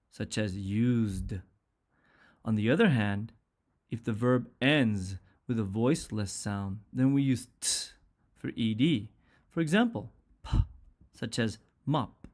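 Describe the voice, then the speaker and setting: A man's voice: medium pitch, a little mellow. A man teaching an English pronunciation lesson, speaking carefully and repeating sounds and example words one at a time.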